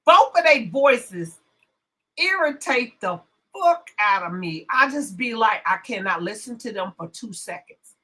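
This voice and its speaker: Brash, animated woman livestream host. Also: fairly high pitch, a little slow. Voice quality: brash, profane, swings from loud to hushed asides. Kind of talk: casual livestream rant.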